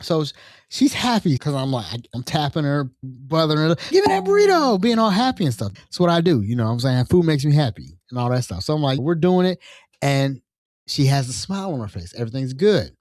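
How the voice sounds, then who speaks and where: A man hosting a podcast, telling a story in casual chat and acting out the people in it with lively, colloquial phrasing. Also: mid-range voice, a little fast, dry recording. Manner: animated storyteller acting out quoted voices. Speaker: podcast host.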